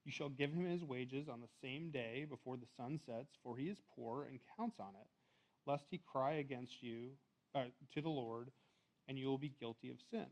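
In a church, a man with a mid-range, slightly mellow voice preaches at a moderate pace. He's conversational, with restarts and fillers, and reads scripture aloud; the recording is rough.

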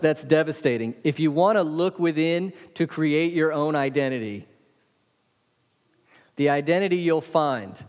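A man's voice: a little high, darkish tone, big-room sound. A man preaching a sermon as pastor, emphatic and calling on the congregation to respond.

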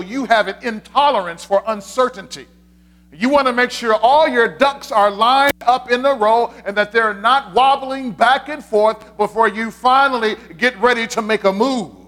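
High-voiced man preaching. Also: a bit bright. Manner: conversational, repeats key points, frequent "uh" fillers. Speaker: pastor. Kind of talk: sermon.

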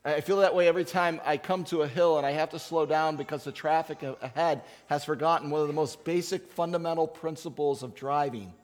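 A man delivers a Sunday sermon from the pulpit, his fairly high voice rising to loud emphatic readings and dropping to quiet asides. He fills pauses with frequent uh sounds. The church hall gives his voice a long reverb. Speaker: pastor. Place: church sanctuary.

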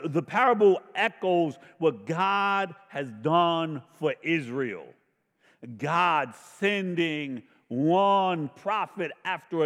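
A man preaching a sermon in slow, emphatic phrases, swelling to loud questions and dropping to a hush. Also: on the high side. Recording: long reverb of a large hall.

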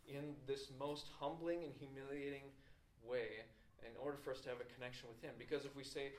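A man preaching a sermon as a pastor, retelling a story with lively acted-out questions and pauses. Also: medium pitch. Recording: roomy echo with faint ambient noise.

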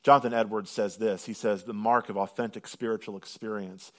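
A man preaching a sermon, swinging from loud, drawn-out proclamation to hushed intensity and slowing right down on scripture lines. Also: lowish voice, fairly even intonation. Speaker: pastor.

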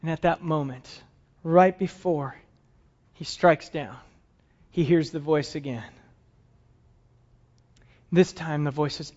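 A male pastor preaching a sermon with dramatic storytelling, often dropping to hushed tones. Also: high voice, slow pace, pauses often. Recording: dull lo-fi sound.

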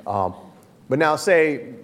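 A male pastor delivering a sermon at an unhurried pace. He talks conversationally and leans on key words for emphasis. His voice carries a long reverb, as in a large hall. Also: on the high side, animated, a bit bright. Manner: conversational preaching with dramatic emphasis.

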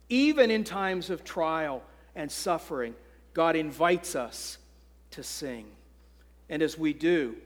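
Man, pastor, high voice, slow earnest sermon delivery, long hall reverb. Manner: earnest preaching, slow deliberate phrasing.

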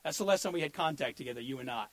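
A male preacher voicing God speaking gently in a retold sketch. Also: mid-range voice, expressive, very fast, no echo, voice pushed down, natural voice. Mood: gentle.

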